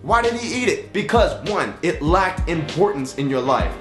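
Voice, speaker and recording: A man's voice: on the high side, big pitch swings, moderate pace. A young man giving a casual, goofy Bible lesson, full of sound effects and silly voices. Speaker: youth Bible teacher. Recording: echoey room with faint music.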